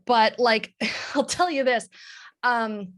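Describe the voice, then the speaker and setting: A woman talking candidly as a guest on a video call, self-mocking and quick to laugh. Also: on the high side. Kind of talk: casual chat on a video call.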